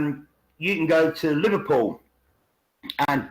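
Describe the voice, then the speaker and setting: An English man co-hosting a podcast, his voice sitting a little high for a man. He rambles through his points, stumbling over and repeating his words. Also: expressive, normal speed, low-quality recording. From England. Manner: rambling, repeats words, puts on regional accents. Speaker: podcast co-host. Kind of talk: casual conspiracy podcast chat. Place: living in China.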